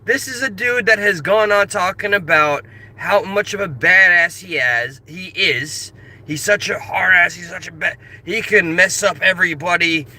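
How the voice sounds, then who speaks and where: A man's voice: sits high, normal speed, pushed and bright. A man vlogging from his car into a phone, ranting passionately and animatedly in casual commentary. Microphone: phone camera.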